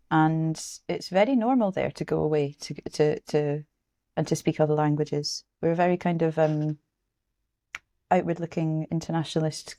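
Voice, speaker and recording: Low-voiced woman in her 30s from scotland, blunt and chatty, swears a bit, dry close mic. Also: no echo. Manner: frank, animated, swears casually, frequent restarts. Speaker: journalist and author guest. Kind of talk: casual interview chat.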